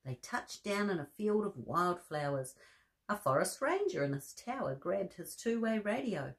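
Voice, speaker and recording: A woman reading a bedtime story aloud to children, expressive, with soft gasps and friendly asides. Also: medium pitch, normal speed.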